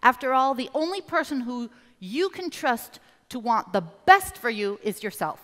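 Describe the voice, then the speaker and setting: A woman coach speaks to a live audience in a bright, crisp voice, animated and direct. She keeps prompting the room to answer and repeat after her. Her voice rings with a long reverb from a large event hall. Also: fairly high pitch, normal speed. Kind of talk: motivational seminar talk.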